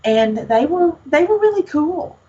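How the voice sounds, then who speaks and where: A woman's voice: high voice, big pitch swings, unhurried, warm tone, dull audio. A woman from Alabama with a Southern accent, talking as a guest in a casual chat, outspoken and folksy. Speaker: podcast guest, paranormal investigator.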